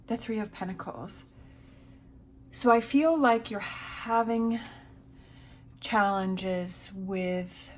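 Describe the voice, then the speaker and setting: A woman giving a tarot reading in a casual, encouraging way. She talks slowly and repeats her reassurances. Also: mid-range voice, slight background noise. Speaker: tarot reader.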